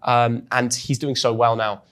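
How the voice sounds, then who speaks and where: A man's voice: medium pitch, a little slow. Chatty young English man. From England. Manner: chatty and animated, often restarts words. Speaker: guest, football influencer. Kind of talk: casual storytelling in an interview.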